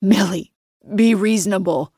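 A woman's voice: fairly low pitch, unhurried, no echo, clean studio sound. Woman doing a trapped man, hissing and desperate. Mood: desperate pleading. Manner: hissing, growling, then pleading desperately. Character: angry trapped man, threatening then begging.

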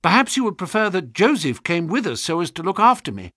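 A man reading aloud, voicing an earnest young gentleman recovering from illness in a storybook. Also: high voice, very animated, a little fast, no echo, studio quality, pitched above the performer's own voice, heavily acted.

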